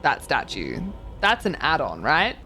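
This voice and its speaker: A woman's voice: low-pitched, wildly swooping pitch, a little slow, sharp tone, soft background music. A young woman streaming a game, chatting casually, reading chat aloud and reacting with gasps and swearing. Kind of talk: casual live-stream chat while touring game houses.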